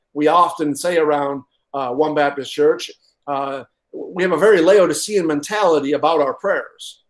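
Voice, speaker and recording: A man preaching a sermon, reading from a workbook and stressing his points with repeated words and restarts. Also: on the high side. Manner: reads aloud from a workbook. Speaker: pastor.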